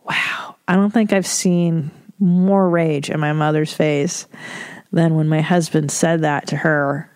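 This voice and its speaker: A woman's voice: deep voice, gravelly, darkish tone, no echo, clean studio sound. Candid, profane woman podcast host. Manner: candid, profane, laughs often. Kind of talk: casual chat.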